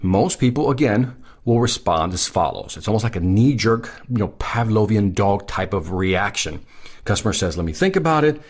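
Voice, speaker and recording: A man's voice: fairly low pitch, moderate pace, slightly rough. A man hosting a sales advice podcast, speaking emphatically and repeating his key points. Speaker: podcast host.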